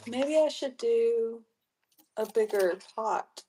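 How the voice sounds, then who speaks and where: A young adult woman, a nurse, chatting casually and telling animated stories with frequent laughter. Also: on the high side, slight background noise. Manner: animated storyteller who laughs often. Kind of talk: casual chat.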